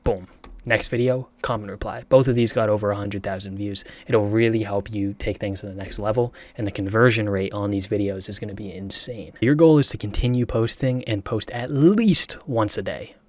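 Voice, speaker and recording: A young man in his twenties giving a casual tutorial on online sales, hyped and slangy, often checking in with "right?". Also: lowish voice. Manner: hyped, slangy, fast-talking with frequent "right?". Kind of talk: casual tutorial talk to camera.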